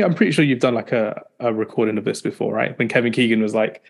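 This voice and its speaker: A man hosting a casual podcast and talking in a quick, chatty and upbeat way. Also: mid-range voice, creaky. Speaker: podcast host.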